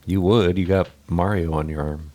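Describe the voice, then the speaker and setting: A man's voice: low voice, steady tone, moderate pace, a little mellow, slight background noise. A man co-hosting a podcast, talking in laid-back, joking banter with his co-hosts. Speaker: podcast co-host. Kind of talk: casual chat.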